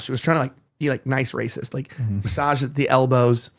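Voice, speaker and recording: A man's voice: medium pitch, steady tone, a little fast. A male podcast host in casual chat, rambling as he tells stories and acts out quoted dialogue.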